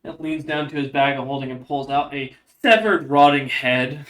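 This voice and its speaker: A man's voice: a little high, fairly bright tone, poor audio. Hesitant man narrating a tabletop game. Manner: halting, many fillers and hedges. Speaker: game master. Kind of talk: describing scenes in a tabletop game.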